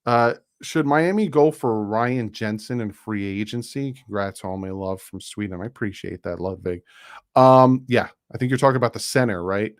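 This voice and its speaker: A man hosts a casual live stream in a fairly low voice. He talks in a loose, chatty way, reading out viewer donations and rattling off sponsor plugs. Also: moderate pace. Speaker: YouTube streamer and channel host.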